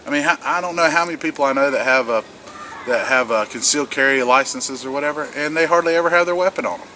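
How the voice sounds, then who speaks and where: A man's voice: medium pitch, fast, bright, forceful tone. Rambling man vlogging outdoors. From South Carolina, US. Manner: rambling, repeats words and restarts, earnest. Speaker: prepper vlogger. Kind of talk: casual outdoor vlog monologue. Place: wet woods outdoors. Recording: noisy outdoor camera audio. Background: outdoor ambience, distant aircraft.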